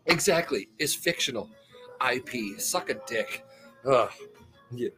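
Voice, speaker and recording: A man's voice: mid-range voice, animated, slow pace, pushed and bright, faint music behind. A man hosting a podcast, telling a rambling, profane story in casual chat and laughing often. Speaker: podcast host.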